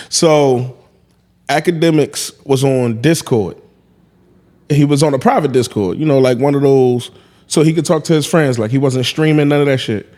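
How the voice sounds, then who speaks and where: A man's voice: medium pitch, mellow. A man hosting a casual podcast, telling a story in a laid-back way and acting out the back-and-forth. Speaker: podcast host.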